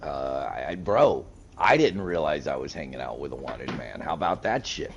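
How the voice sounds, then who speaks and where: Very deep-voiced man, swearing storyteller. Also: moderate pace, gravelly, dull audio, slight background noise. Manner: profane, animated storytelling with acted quotes. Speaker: gaming streamer. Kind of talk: casual chat while gaming.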